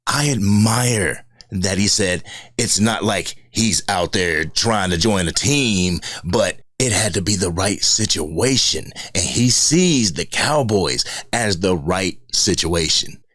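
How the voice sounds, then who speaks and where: A man with a very low, deep voice hosts his own football fan video. He talks bluntly in a casual, slangy way and gets animated when he makes a point. The sound is close and dry. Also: dry recording. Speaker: sports video host.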